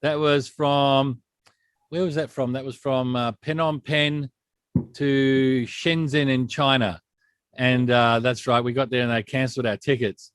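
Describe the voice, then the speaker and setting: A man's voice: mid-range voice, unhurried, smooth, dry recording. Blunt man, dry sound. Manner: blunt, animated storyteller. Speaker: podcast co-host. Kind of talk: casual chat.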